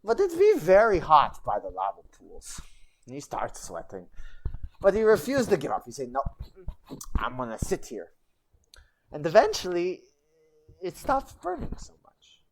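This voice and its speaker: A woman's voice: lowish voice, huge pitch swings, normal speed, a little hiss or hum. A woman streamer telling a goblin legend in rambling, broken goblin-style grammar, with chatty asides. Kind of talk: casual livestream storytelling.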